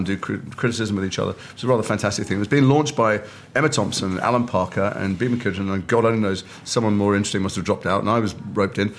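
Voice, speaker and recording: A middle-aged man from Liverpool, a guest actor telling animated stories over a meal and acting out quoted voices. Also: lowish voice, a little hiss or hum. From north of England, Liverpool. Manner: animated storyteller who acts out quoted voices. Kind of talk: casual chat over a meal. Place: restaurant table.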